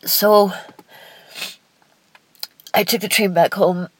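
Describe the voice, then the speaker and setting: A young woman telling a personal life story candidly, in a halting, emotional way with restarts and sighs. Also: mid-range voice, fairly even intonation, a little hiss or hum, poor audio.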